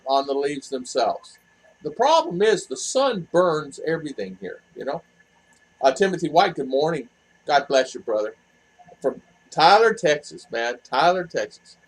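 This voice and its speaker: A man's voice: on the high side, husky, rough recording. An older man hosting a casual livestream, chatty and laughing easily as he greets viewers by name. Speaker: livestream host. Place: home in a cool hill town.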